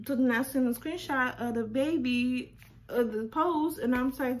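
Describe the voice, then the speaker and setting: A vlogger whose voice sits high speaks a little slowly while recounting a storytime vlog. She's animated and incredulous, asking rhetorical questions, repeating words, and dropping nearly to a whisper for asides.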